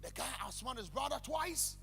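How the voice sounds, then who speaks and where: A man preaching a sermon, animated, breaking into shouted sing-song calls to the congregation. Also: extremely high pitch, normal speed, gravelly. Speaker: pastor. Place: church hall. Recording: echoey church hall with faint hum.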